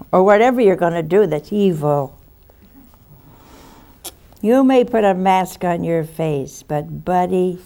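A woman preacher giving a sermon, swinging between loud exclamations and hushed asides and laughing often. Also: lowish voice, gravelly.

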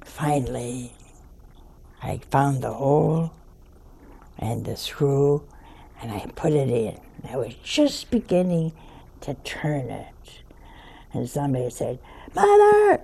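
An older woman telling a story in a slow, folksy way, chuckling as she goes. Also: extremely low pitch, vocal fry, dark tone, slight background noise. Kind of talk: storytelling talk.

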